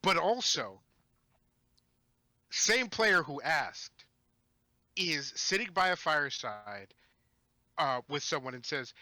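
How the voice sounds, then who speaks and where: A man with a bright, tense voice tells a tabletop game story as a podcast guest. He talks in an animated, rambling way, restarting his sentences. The sound is close and very dry. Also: on the high side, slow pace, pauses often, no echo. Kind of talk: casual storytelling chat.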